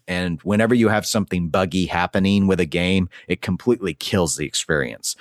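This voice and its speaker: A man's voice: low-pitched, no echo, clean studio sound. A man co-hosting a podcast, chatting casually and reviewing games, thinking aloud as he goes. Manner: conversational, thinks aloud with restarts. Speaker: podcast co-host.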